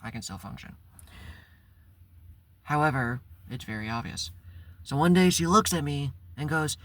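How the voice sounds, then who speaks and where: Speaking at normal speed with frequent pauses, a man with a medium-pitched, fairly bright voice tells a personal story on his own channel. It's casual vlog storytelling, blunt and candid, with free swearing.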